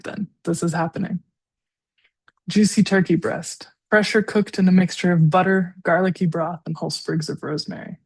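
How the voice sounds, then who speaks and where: A woman's voice: on the low side, a little mellow, breathy edge. A woman in her forties, a guest writer, reading her own personal essay aloud with a tender, darkly funny touch. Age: 40s.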